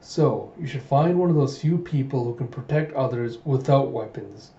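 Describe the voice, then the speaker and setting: A man voicing a lazy, blunt young male guard in a flat, offhand way. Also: mid-range voice, moderate pace, close to an everyday voice. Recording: dull roomy home recording.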